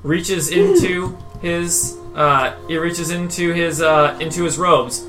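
Guy running a tabletop game, bit high voice, music playing behind, stops and starts a lot. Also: expressive. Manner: slow, halting narration with fillers. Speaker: game master.

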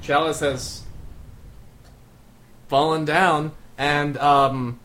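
Very slow, halting man player. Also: on the high side, fairly even intonation, a bit bright, a little hiss or hum. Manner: halting, filler-heavy.

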